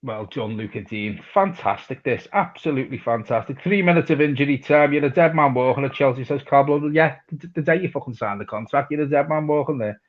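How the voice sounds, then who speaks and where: With hardly any pauses, the football fan channel host talks a little fast in a medium-pitched voice, reading chat comments and chatting casually with plenty of swearing. The highs in the audio are cut off.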